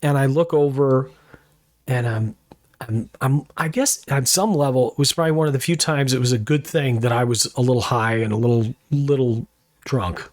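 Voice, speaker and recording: A man's voice: medium pitch, moderate pace, no room sound, studio quality. A middle-aged man hosting a podcast, telling a personal story in a rambling, reflective way that keeps correcting itself. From Rochester, New York area. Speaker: podcast host.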